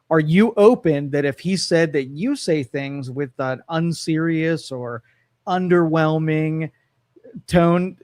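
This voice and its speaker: A man's voice: a little high, no echo. A man co-hosting a radio talk show, musing casually with frequent restarts and repeated words. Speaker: co-host. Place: radio studio. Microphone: studio microphone.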